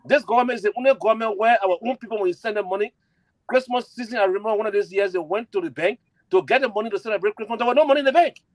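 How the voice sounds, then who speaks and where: A man making an impassioned fundraising appeal, repeating himself and spelling out letters slowly. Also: sits high, no room sound, low-quality recording. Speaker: campaign supporter and fundraiser.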